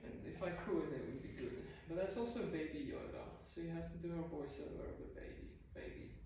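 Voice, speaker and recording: A woman's voice: deep voice, fairly quick, dark tone, slight background noise. Rambling woman vlogger, echoey room. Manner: rambling, self-deprecating, lots of fillers. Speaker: fitness vlogger. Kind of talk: casual chat while working out. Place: room at home. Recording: echoey room, mic at a distance.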